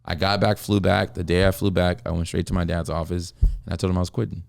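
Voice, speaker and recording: A man's voice: sits low, little pitch movement, fast talker, vocal fry, darkish tone, no echo, clean studio sound. A man from the US, a guest comedian, telling stories in a casual podcast chat with a laid-back, rambling manner and lots of filler words. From United States.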